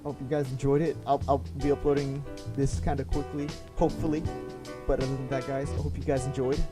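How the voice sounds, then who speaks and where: A young man playing a story game, casually commenting and reading dialogue aloud, often halting. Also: medium pitch, flat delivery, music in the background. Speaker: gaming YouTuber.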